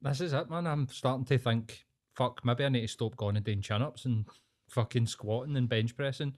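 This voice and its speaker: A man co-hosts a podcast and trades sweary, laughing banter. His voice sits at an ordinary middle pitch. He sounds like a man in his thirties. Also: moderate pace, darkish tone. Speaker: podcast co-host. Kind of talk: casual podcast chat.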